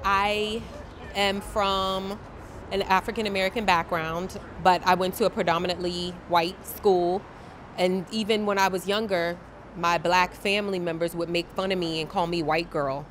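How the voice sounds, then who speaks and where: A woman's voice: fairly low pitch, little pitch movement, moderate pace, a little hiss or hum. A woman speaking openly and reflectively in an interview. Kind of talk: casual interview talk.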